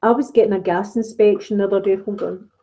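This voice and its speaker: A middle-aged Scottish woman hosts a relaxed live-stream chat on her ASMR channel. Her voice is mellow and warm, and her pitch sits in an ordinary middle range. She tells stories in a chatty way, laughing often as she goes. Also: fast, poor audio. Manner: chatty storytelling, frequent laughs.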